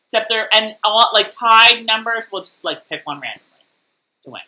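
Playful female co-host with a lively, bright delivery. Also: fairly high pitch, moderate pace. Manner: playful, animated, laughs often. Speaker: co-host of a fan recap show. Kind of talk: casual chat.

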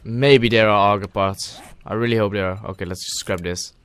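A man hosting a gaming channel, giving let's play commentary as he talks to himself and bursts into loud, excited shouts. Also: lowish voice, normal speed, clean tone, dry recording.

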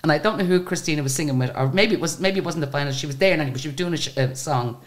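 Her low-pitched voice moves very fast as this woman, an Irish singer in her sixties, spins stories during a casual interview. Chatty and animated, she keeps restarting what she's saying.

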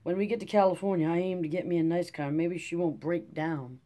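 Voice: mid-range voice, fairly even intonation, brisk, mellow, close to an everyday voice. A reader voicing a proud, self-important young farm mechanic, in an audiobook telling. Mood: cocky. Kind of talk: audiobook character reading.

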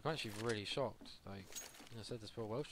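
Excitable swearing man calling out gameplay. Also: lowish voice. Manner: excitable, swears freely, rapid callouts. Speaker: gamer recording gameplay. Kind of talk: casual gameplay commentary with team callouts. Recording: noisy, keyboard and mouse clicks.

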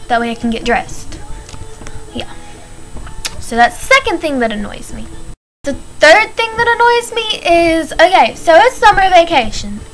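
Recorded roughly, this teenage girl's voice sits high and a bit bright. She's a vlogger on a casual, exasperated rant, chatty and packed with "like" and other fillers.

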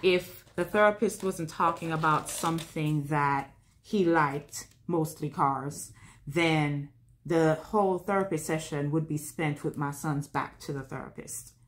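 Low-voiced woman chatting casually. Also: measured pace, slight background noise. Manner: candid, rambling, talks to herself as she works. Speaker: vlog host. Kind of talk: casual chat while crafting.

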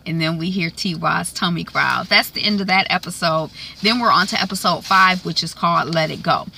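A woman vlogger casually recapping TV episodes, chatty and animated. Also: fairly low pitch, brisk, gravelly, a little hiss or hum.

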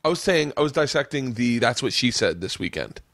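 Profane rambling podcast host, dry sound. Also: male voice, mid-range voice, big pitch swings, fairly quick, a bit bright, no room sound. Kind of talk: casual podcast chat.

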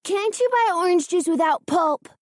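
A woman's voice: very high-pitched, animated, normal speed, darkish tone, no room sound, studio quality, voice pushed up. A woman voicing a cheeky six-year-old twin boy in a storybook reading, bratty and mocking.

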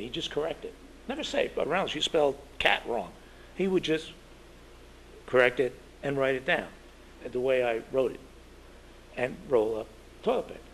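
A man's voice: medium pitch, slight background noise. An older man, a veteran journalist, telling anecdotes in a rambling talk full of fillers and restarts.

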